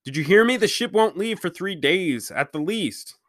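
An insistent dockside rescuer with a large mustache barks orders in a raised, urgent voice, as a man reading a storybook aloud puts him on. He sounds bossy and pressing, his pitch lifted above the reader's own. The sound is dry and close. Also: lively intonation, normal speed, a bit bright, no echo. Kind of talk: read-aloud character voice.

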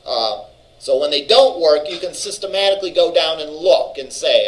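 A very animated man with a fairly high voice teaches a college database course at a moderate pace, captured on poor audio. His style is conversational; he frequently asks "all right?" and restarts thoughts amid fillers.

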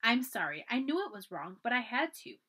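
A woman's voice: a little high, big pitch swings, brisk, sharp tone, slightly rough, exaggerated voice. A woman reading aloud and voicing a brave, spirited colonial girl of about ten who talks urgently and pleads. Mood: apologetic.

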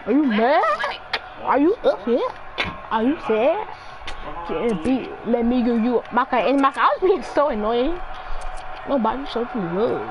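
Woman gamer, high voice, brash repetitive taunting, loud outbursts. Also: animated, normal speed, long pauses, dull audio, over music. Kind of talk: casual gaming chat.

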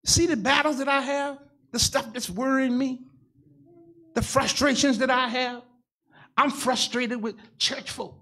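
A man's voice: very high voice, fairly even intonation, a little slow, bright, forceful tone. A man in his sixties preaching a sermon as pastor, in a folksy, rhythmic style that repeats phrases and calls for responses from the congregation. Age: 60s.

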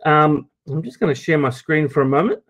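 A man with an Australian accent speaks to fellow teachers from his desk over a video call, in a voice set a little high for a man. His delivery is loose and jokey, full of ums, uhs and restarts. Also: expressive, brisk, fairly bright tone. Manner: chatty and jokey, many filler words and restarts. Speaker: teacher presenting at an education event. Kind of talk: informal conference talk.

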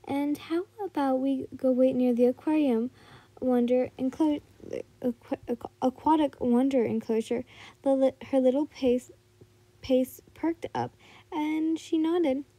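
A woman's voice: sits high, fairly even intonation, unhurried, dark tone, no echo. A woman reading a listener story aloud, often stumbling and restarting words. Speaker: fan fiction reader.

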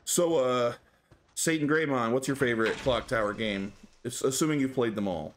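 A man's voice: mid-range voice, moderate pace, a little hiss or hum. A man streaming a horror game live, reacting aloud to the game and chatting with his viewers. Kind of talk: live gameplay commentary. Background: game music.

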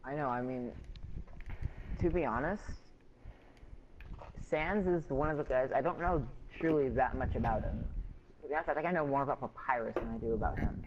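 A man's voice: mid-range voice, moderate pace, long pauses. A young man co-hosting a casual fan debate, hedging and hesitant in his asides. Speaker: co-host. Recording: dull lo-fi mic with faint hiss.

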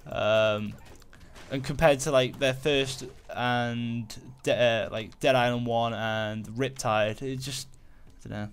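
A man giving casual, rambling commentary while playing a video game, full of fillers and excited outbursts. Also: medium pitch, slow pace, clean tone. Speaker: gaming channel host. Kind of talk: casual let's-play commentary.

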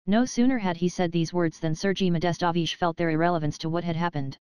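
声音低沉清亮的女性有声书朗读者. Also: female voice, fairly low pitch, steady tone, fast, hardly any pauses, darkish tone, clean tone, dry recording. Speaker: audiobook narrator. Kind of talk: scripted audiobook narration.

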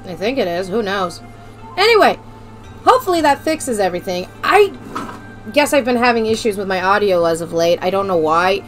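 A woman's voice: mid-range voice, sing-song, a little fast, faint music behind. A woman streaming a video game, chatting casually and bluntly, her mic set off to one side. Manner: loud, blunt, joking. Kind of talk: casual gameplay stream chat. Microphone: desk mic off to the side.

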